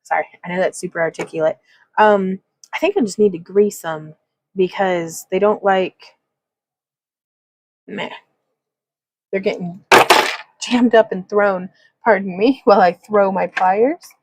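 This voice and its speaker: A woman's voice: medium pitch, a little slow, long pauses, a little mellow, no room sound, low-quality recording. A woman hosting a casual craft livestream, talking through a wire-wrapping demonstration in a chatty, rambling way, laughing often and reading chat comments aloud. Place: home craft room.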